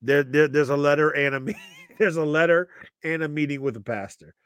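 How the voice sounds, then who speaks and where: A man co-hosting a podcast, telling a story in a lively way, laughing often and acting out what people said. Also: a little high, fairly quick, no room sound. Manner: animated storyteller, laughs often, acts out quotes. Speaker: podcast co-host. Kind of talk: casual chat, storytelling.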